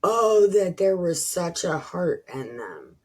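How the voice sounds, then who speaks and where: A woman reads scripture aloud at an unhurried, deliberate pace, her voice breathy and a little husky. Between verses she drops into profane, sarcastic commentary. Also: lowish voice, very animated, darkish tone. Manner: slow deliberate reading broken by profane sarcastic asides. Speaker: Bible reading channel host.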